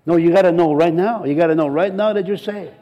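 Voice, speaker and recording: High-voiced man preaching a fervent sermon. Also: quick pace, mellow, lo-fi sound. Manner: emphatic, repetitive preaching with rising intensity. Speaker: pastor.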